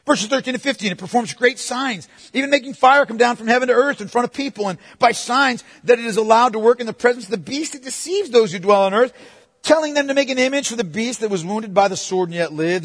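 A man preaching a sermon, moving between forceful proclamation and hushed, playful asides to the congregation. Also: sits high, fast talker, big-room sound. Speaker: pastor.

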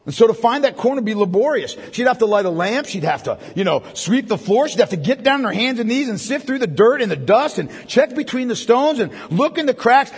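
A man's voice: extremely high pitch, very animated, brisk, husky. A man preaching a sermon as pastor, talking conversationally and tossing in frequent tag questions to the congregation. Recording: long hall reverb.

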